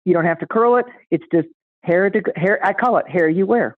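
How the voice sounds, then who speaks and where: A middle-aged woman chatting casually and telling a lively story, acting out the voices of the people in it. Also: lowish voice, fairly quick, no room sound. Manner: animated, acts out voices in anecdotes. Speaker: astrology guest. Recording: tinny phone-like line, dry.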